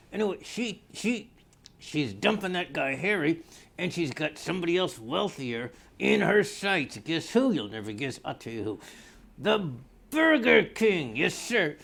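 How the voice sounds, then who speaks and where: Gravelly blustery older man ranting. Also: sits high, fairly bright tone. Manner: rambling, blustery, easily sidetracked. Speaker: comedy character newscaster. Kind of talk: improvised comedic monologue.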